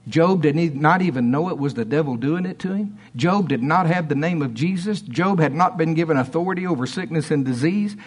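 A man preaching a sermon in church, emphatic and folksy, swinging between loud outbursts and quiet asides. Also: on the high side, expressive, a little fast, few pauses, breathy edge.

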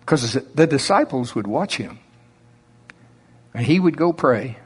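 Man, Oklahoma drawl, preacher, husky voice, slow and emphatic. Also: mid-range voice, lively intonation. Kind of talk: sermon.

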